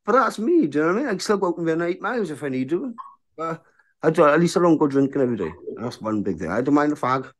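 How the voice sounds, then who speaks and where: A man's voice: on the high side, sing-song, rapid-fire. A man in his thirties, a bare-knuckle fighter, talking frankly in a casual interview and often asking "do you know what I mean?".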